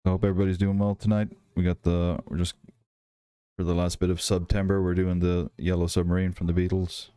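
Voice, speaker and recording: Low, flat-voiced Irish man chatting. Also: a little fast, smooth, no room sound, studio quality. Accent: softened Irish. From Ireland. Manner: rambling, relaxed, many fillers and restarts. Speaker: livestream host. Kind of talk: casual chat while building and reading chat.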